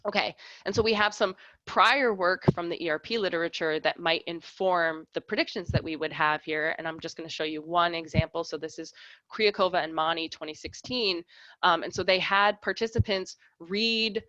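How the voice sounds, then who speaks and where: Lady researcher walking through examples in a lab talk, kinda low voice, dull dry audio. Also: moderate pace, pushed and bright, dry recording. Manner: explanatory, walks through examples step by step. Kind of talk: academic lecture.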